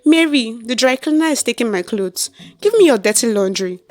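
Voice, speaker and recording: An eager, charming young student, as a woman puts him on in a storybook tale. He fusses over the woman he likes with caring words. The voice is bright and raised. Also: on the high side, lively intonation, moderate pace, soft background music, lightly acted.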